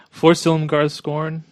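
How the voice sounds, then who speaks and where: A man co-hosting a casual game podcast, talking hesitantly and trailing off quietly. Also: fairly high pitch, dry recording, clean studio sound. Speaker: podcast co-host. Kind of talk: casual gaming chat.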